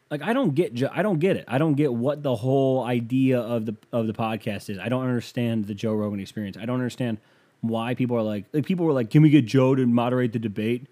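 A man's voice: on the low side, warm tone. A young man hosting a podcast, riffing in a casual comedic monologue, rambling and wry with lots of fillers. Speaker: podcast host.

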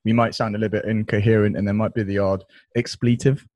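A man's voice: on the low side, fast talker, dry recording. A man hosting a podcast, teasing his guest in casual banter. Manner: teasing, excitable. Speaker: podcast host. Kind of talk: casual chat.

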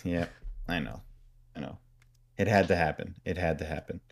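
Very deep-voiced man recapping casually. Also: gravelly. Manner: acts out characters' lines in quick put-on voices. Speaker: podcast co-host. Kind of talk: casual chat recapping a story.

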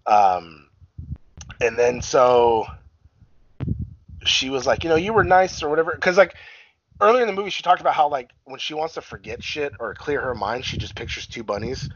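A man chatting casually on a podcast, his voice lively and swooping with a bright, slightly husky edge. He rambles through a movie plot and jumps higher whenever he quotes someone. The sound is dull and lo-fi. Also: moderate pace. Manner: rambling retelling, acts out character lines with raised pitch, swears. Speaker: podcast co-host. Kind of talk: casual movie recap chat.

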